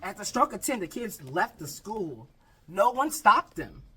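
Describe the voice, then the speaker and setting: A man's voice: high voice, big pitch swings, measured pace, bright, forceful tone, breathy edge. A man, a teacher, reading a storybook aloud to children and asking them questions along the way. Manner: asks the children questions as he reads. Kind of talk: animated read-aloud storytime.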